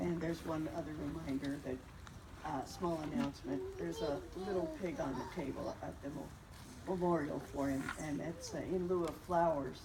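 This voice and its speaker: A woman's voice: sits low, fairly even intonation, moderate pace. An older woman sharing plain recollections at a memorial and making a short announcement. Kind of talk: eulogy at a memorial. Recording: distant mic, noisy room.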